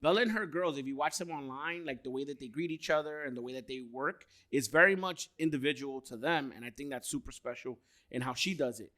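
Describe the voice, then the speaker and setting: A man's voice: mid-range voice, a little fast, a bit bright. A man in his thirties co-hosting a podcast, chatting casually and telling stories with frequent laughter. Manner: storytelling, laughing often. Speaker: podcast co-host. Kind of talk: casual chat.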